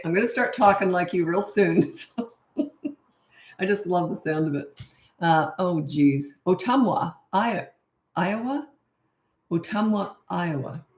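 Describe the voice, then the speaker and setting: A woman's voice: lowish voice, vocal fry. A woman who is a parenting coach, chatting casually and rambling on a live stream, laughing often. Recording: echoey room.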